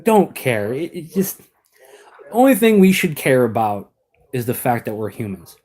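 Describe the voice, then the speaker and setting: A man's voice: mid-range voice, sing-song, unhurried, darkish tone. A young adult American man chatting casually on a live stream, rambling, laughing often and restarting his sentences.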